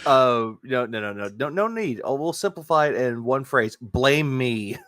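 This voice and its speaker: Sarcastic man with lively intonation. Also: mid-range voice, unhurried, no room sound, studio quality. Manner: mocking, sarcastic, mimics others. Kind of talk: casual stream chat.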